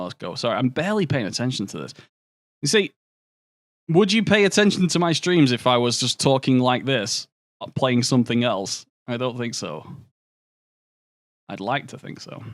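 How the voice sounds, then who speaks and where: A man's voice: medium pitch, dry recording, studio quality. Sweary young man streaming a game. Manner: sweary, joking banter. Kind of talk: casual gameplay commentary, chatting with viewers.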